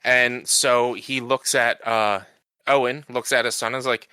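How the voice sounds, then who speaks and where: A man co-hosting a casual podcast, recapping a show in a rambling way full of fillers and restarts. His voice is bright and crisp, recorded close and dry. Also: mid-range voice, steady tone, moderate pace, no room sound. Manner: rambling recap with many fillers and restarts, acting out quoted lines. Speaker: podcast co-host. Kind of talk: casual chat.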